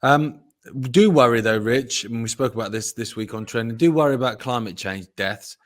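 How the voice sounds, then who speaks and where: A man's voice: mid-range voice, normal speed. A man co-hosting a podcast, telling jokey stories in casual banter, often laughing and swearing. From Britain. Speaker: co-host.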